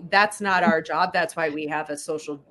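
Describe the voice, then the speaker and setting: Woman cohost chatting earnestly, bit of a lower voice, thoughtful. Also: steady tone, moderate pace, fairly bright tone, slight background noise. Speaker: podcast co-host. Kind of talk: casual chat.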